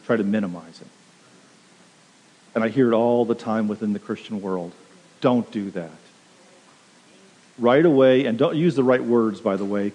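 A man's voice: mid-range voice, normal speed, pauses often, dark tone. A pastor preaching a sermon, earnest and direct, urging his listeners plainly. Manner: earnest, direct exhortation with quoted asides. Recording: long reverb of a large hall.

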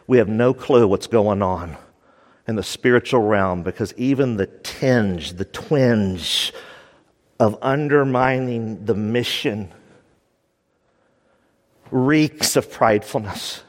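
A man's voice: fairly low pitch, takes it slowly, long pauses, in a large hall. A man preaching a sermon as pastor, emphatic and repeating his key lines for stress.

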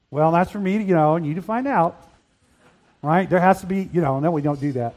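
Man, older, pastor, sermon, earnest and emphatic, high-pitched. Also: brisk. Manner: earnest preaching, rising to loud emphatic peaks. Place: church hall.

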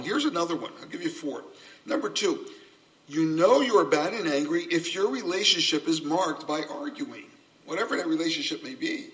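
A man preaching a sermon, animated, acting out quoted voices and repeating his key phrases. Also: fairly high pitch, normal speed, far from the mic, low-quality recording. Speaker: pastor.

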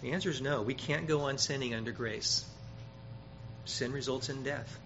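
A man preaching a sermon, emphatic, growing loud when he quotes scripture and often repeating words. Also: mid-range voice, moderate pace, vocal fry. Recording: dull, slightly noisy sermon recording.

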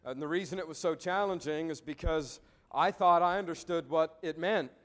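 Male pastor, fairly high voice, earnest sermon delivery, repeats words mid-thought. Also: moderate pace, a bit bright. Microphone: preaching to a congregation.

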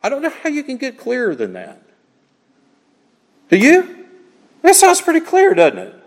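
A man's voice: extremely high pitch, wildly swooping pitch, normal speed, in a large hall. A man preaching an expository sermon, pressing his points with emphatic repetition and rhetorical questions to the congregation. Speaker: pastor.

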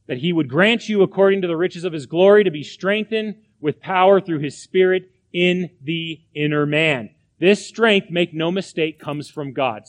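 A man preaching a sermon from the pulpit, emphatic, with repeated phrases and rhetorical questions. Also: sits high. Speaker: pastor.

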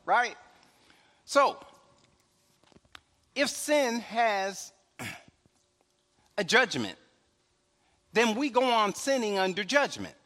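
A high-pitched pastor preaches a relaxed, conversational sermon, tossing in "right?" asides and chuckles. It was recorded in a church hall with long reverb.

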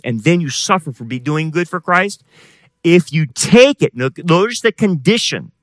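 Animated man preaching a sermon. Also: on the high side, no room sound. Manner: preaching with swings from loud emphatic to quiet intense. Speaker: pastor.

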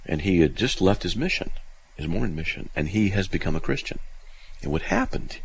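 A man hosting a call-in radio show, telling a story in a lively, animated way with many restarts. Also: low voice, fairly quick, vocal fry, husky, rough recording. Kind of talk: casual call-in radio talk.

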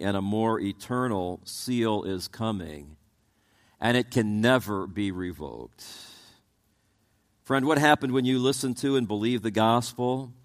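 A man preaching a sermon as pastor, asking the congregation rhetorical questions and often stumbling over repeated words as he restarts his sentences. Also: on the low side.

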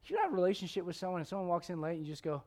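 A man preaching a sermon as a pastor, swinging from loud emphatic lines to hushed ones, with joking asides. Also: high voice, animated, very fast.

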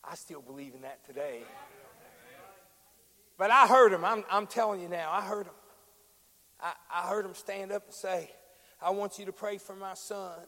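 High-voiced preacher shouting in a hall. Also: male voice. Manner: builds from quiet storytelling to shouted preaching with drawn-out fillers. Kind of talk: sermon.

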